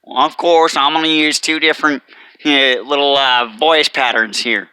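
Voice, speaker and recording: A man's voice: a little high, fairly even intonation, moderate pace, pushed and bright, smooth, dry recording. A man giving a casual, emphatic motivational talk who keeps repeating "let me tell you" as he preaches his advice. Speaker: chef and motivational vlogger.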